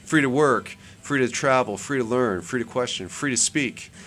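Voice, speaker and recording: This channel host chats loosely while scrolling web pages, wandering off on tangents and repeating words to stress them. He speaks at medium pitch and normal speed, with a slightly bright tone.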